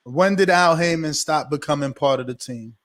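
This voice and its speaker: A man's voice: on the high side, moderate pace, fairly bright tone. An American man, a boxing podcaster, talking emphatically as a guest, asking rhetorical questions. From United States. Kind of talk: casual interview chat.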